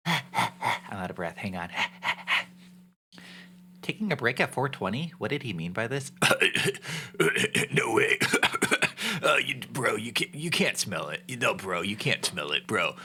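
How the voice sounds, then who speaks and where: A young man chatting casually while streaming a game, laid-back and joking, getting excitable. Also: lowish voice, takes it slowly, pauses often.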